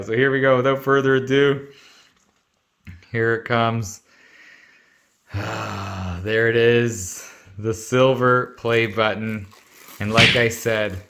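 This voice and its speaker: A man hosting his own channel, talking excitedly and emotionally to viewers while he unboxes an award. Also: on the low side. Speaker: sports channel host. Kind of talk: casual unboxing vlog.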